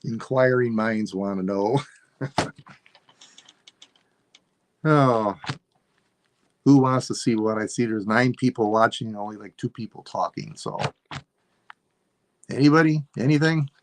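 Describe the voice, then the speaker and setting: A man selling items on a live stream, thinking aloud in a rambling, unhurried way as he describes each piece. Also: lowish voice, slight background noise. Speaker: online seller. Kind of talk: live-stream sales chat.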